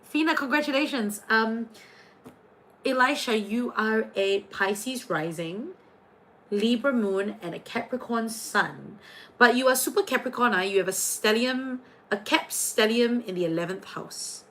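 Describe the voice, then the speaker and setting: A woman's voice: fairly high pitch, unhurried, fairly bright tone, poor audio. A woman hosting a casual astrology and tarot livestream, chatty and playful, jumping between viewer comments.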